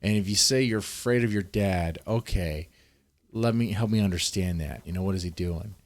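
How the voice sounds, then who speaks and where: A man's voice: low voice, normal speed. A man who works as a child protective services caseworker, casually explaining how he questions children, thinking aloud step by step.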